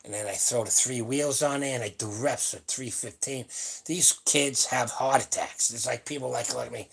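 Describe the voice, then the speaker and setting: Gravelly, blunt man in his seventies. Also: medium pitch, normal speed. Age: 70s. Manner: blunt, rambling, salty talk. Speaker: powerlifting channel host. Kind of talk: casual livestream chat. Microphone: webcam or phone on a live stream.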